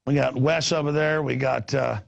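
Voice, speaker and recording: A man hosting a show, talking in a rambling, animated way, stammering and repeating words. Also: medium pitch, moderate pace, vocal fry, lo-fi sound. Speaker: host. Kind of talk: rambling on-air chat. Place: studio in Austin.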